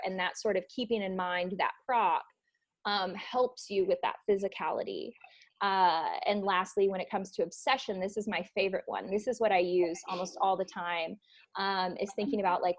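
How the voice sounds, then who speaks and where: Casual female improv instructor. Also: mid-range voice. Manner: casual, with many fillers. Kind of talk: online class teaching. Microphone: video call.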